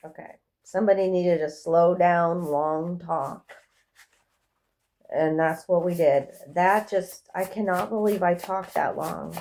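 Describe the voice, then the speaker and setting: A woman giving a casual, rambling tarot reading in a gentle, affirming way. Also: lowish voice, measured pace. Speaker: tarot reader.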